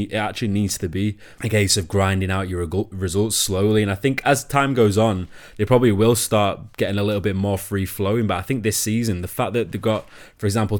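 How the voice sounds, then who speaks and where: Low-voiced opinionated football pundit. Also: male voice. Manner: opinionated, talks in long run-on thoughts. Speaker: podcast pundit. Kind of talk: casual football podcast chat.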